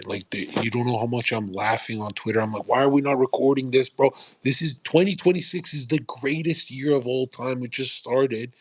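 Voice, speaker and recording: A man's voice: mid-range voice, no room sound. A man streaming on a live audio space, rambling in a casual monologue full of swearing and "bro". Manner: profane, animated, calls listeners "bro".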